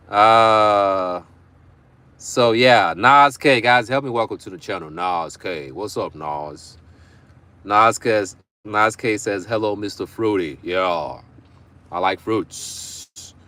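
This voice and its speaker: A young man with a fairly bright voice on the low side hosts a laid-back livestream. He reads out comments from viewers and banters, laughing often between remarks.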